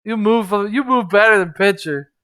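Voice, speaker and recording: A man voicing a huge, dim-witted and loyal male ogre soldier who talks slowly in simple, broken phrases. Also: sits high, pushed and bright, clear, resonant tone, no room sound, pitched above the performer's own voice. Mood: friendly. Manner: slow, simple broken speech.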